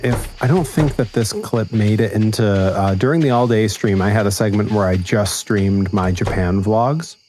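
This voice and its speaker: A young man chatting casually on a gaming stream, telling a rambling anecdote with animated quoted voices. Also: lowish voice, moderate pace, hardly any pauses, soft background music. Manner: rambling storyteller, animated quoting. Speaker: streamer co-host.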